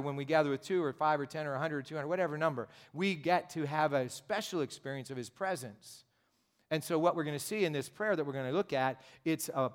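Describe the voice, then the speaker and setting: A pastor preaching a sermon in a direct, conversational way, driving his points home with emphatic repetition. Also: a little high. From United States.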